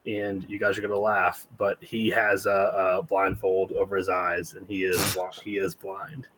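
A man running a tabletop game as game master, narrating in a halting way with many pauses. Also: sits low, level tone, fairly bright tone, slight background noise, poor audio. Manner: halting, full of fillers and restarts.

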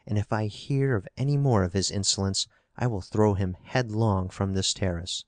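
A man's voice: on the low side, normal speed, darkish tone, dry recording, studio quality, close to an everyday voice. Male narrator as a bold young hero, confident, protective, pulp adventure read. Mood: resolute. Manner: resolute and confident.

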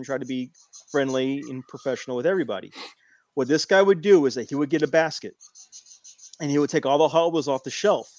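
Guy telling a rambling story, kinda high voice, dry close sound. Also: no room sound. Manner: animated, repeats himself while telling a story. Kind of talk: casual chat.

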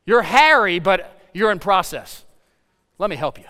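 A man preaching a sermon, telling a story in an animated way and acting out the dialogue. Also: sits high, measured pace, in a large hall. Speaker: pastor.

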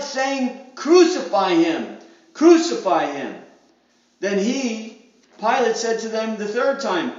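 High-voiced preacher man in an echoey hall. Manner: preaching with dramatic voiced crowd quotes. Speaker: pastor. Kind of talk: sermon. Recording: echoey hall, distant mic, dull sound.

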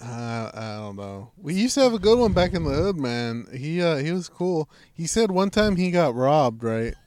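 A man's voice: a little high, big pitch swings, normal speed, a little mellow, dry recording. A man on a podcast in casual chat, telling a story in a laid-back, loose way, swearing freely and acting out the people he quotes. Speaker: podcast co-host.

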